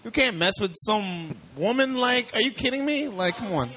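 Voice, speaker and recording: A man chatting casually as a podcast guest, telling animated stories with plenty of swearing. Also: sits high, normal speed, a crowd in the background. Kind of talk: casual chat.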